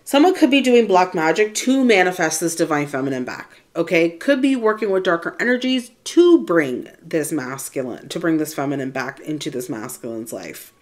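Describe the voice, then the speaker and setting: A woman's voice: lowish voice, very animated, moderate pace, few pauses. A woman giving a casual, chatty tarot reading to her viewers. She often checks in with "right?" and addresses the listener as Divine Feminine. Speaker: spiritual tarot reader.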